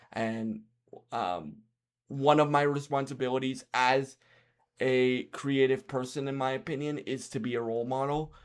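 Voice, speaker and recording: A young man giving a casual spoken movie review to his channel's viewers, halting and often restarting and repeating words, earnest when he gives advice. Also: mid-range voice.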